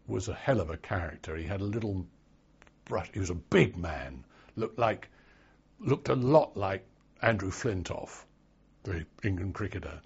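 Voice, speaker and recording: An older man looks back in an oral history interview, unhurried and wry. His low voice is gravelly and a little husky. The recording sounds dull and lo-fi. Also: expressive. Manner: slow, wry storytelling.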